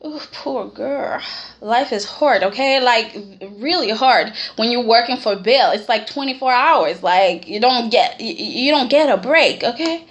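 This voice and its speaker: In a casual vlog, a woman gives an animated, sassy recap of a soap opera episode, addressing the characters directly and ending lines with "okay?". Her voice sits on the high side, her pace is measured, and she barely pauses.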